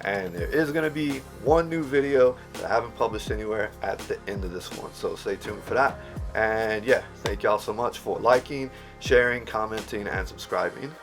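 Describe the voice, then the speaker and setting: A man from Illinois hosting an English-teaching vlog, talking in a relaxed, slangy way and explaining with examples. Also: lowish voice, normal speed, faint music behind. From Illinois, USA. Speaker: English teacher and video host. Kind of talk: casual talking-to-camera vlog.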